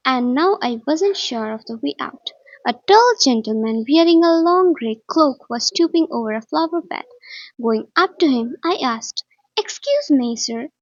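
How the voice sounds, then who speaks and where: A woman reading short stories aloud, lively and expressive in the dialogue. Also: high-pitched, no room sound, highs cut off. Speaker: reader.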